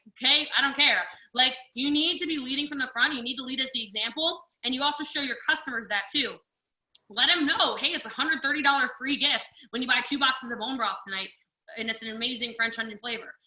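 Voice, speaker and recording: A woman giving lively sales coaching on a video call, chatty and full of acted-out customer quotes. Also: high voice. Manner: chatty, drawls "y'all", acts out quoted customers. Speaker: guest speaker. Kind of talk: animated sales coaching talk. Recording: echoey video call audio, slightly distant.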